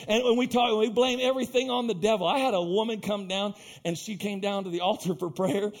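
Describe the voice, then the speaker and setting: A man preaching a sermon as pastor, emphatic and animated, breaking off to speak straight to his congregation. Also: sits high, fairly quick, hardly any pauses.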